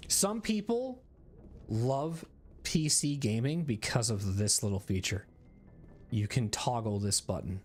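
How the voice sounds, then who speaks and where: A man streaming a video game, talking casually in an ordinary mid-pitched voice. He rambles, restarts his thoughts and swears freely. Faint music plays under his voice. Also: lively intonation, a little slow. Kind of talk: casual gaming commentary.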